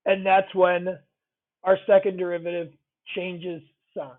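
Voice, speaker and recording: A man's voice: high voice, level tone, measured pace. A man teaching a math lesson, talking conversationally, repeating key phrases and checking in with the class. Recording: tinny phone-like audio.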